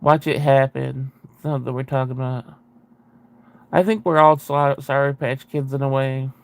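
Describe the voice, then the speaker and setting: A man's voice: medium pitch, little pitch movement, moderate pace, gravelly, smooth. A man hosting a casual video chat, reading viewer comments aloud with a rambling, self-interrupting way of talking and frequent laughs.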